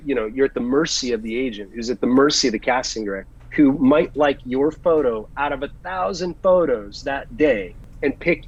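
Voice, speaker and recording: Man, husky, lively storyteller, earnest, muffled lo-fi recording. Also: medium pitch. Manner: animated storyteller, earnest advice. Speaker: actor guest. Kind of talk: casual interview chat.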